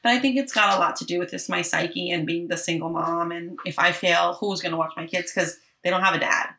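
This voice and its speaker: Animated, bright-voiced woman telling a story. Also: on the low side, brisk, creaky. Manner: animated storytelling with swearing and acted quotes. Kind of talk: casual chat recapping a film.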